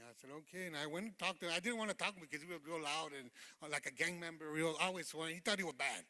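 A man preaches a fervent, informal testimony in a church sanctuary, stopping to call out "amen" to the congregation. His voice sits high and bright. The room adds a long, echoing reverb. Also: fast talker. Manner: informal, rambling, with many fillers. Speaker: lay preacher giving a testimony. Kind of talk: sermon testimony.

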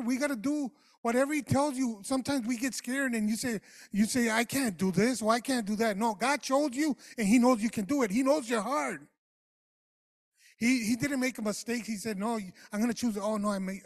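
A man preaching a sermon, praying and then speaking passionately to the congregation, rising at times to shouts. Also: very high voice. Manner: addresses the congregation directly.

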